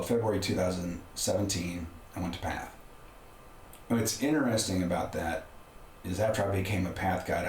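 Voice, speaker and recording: A middle-aged man, a podcast guest, telling a personal story in a candid, conversational way with frequent restarts. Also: low voice. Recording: roomy room with faint background noise.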